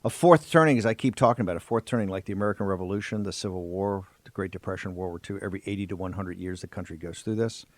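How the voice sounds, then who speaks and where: A man's voice: low-pitched, flat delivery, very fast, hardly any pauses, a little mellow, no echo. A man hosting a political talk radio show, speaking in sweeping, emphatic oratory from a studio. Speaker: host.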